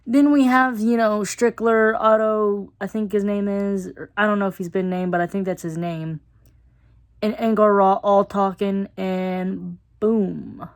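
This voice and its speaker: A woman's voice: mid-range voice, fairly even intonation, unhurried. A woman giving a casual, chatty episode review. She uses lots of fillers and laughs now and then.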